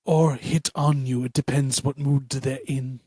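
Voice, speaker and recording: Husky man with sarcastic banter. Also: mid-range voice, level tone, unhurried, dark tone, no room sound, clean studio sound. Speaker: player. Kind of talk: casual in-character banter.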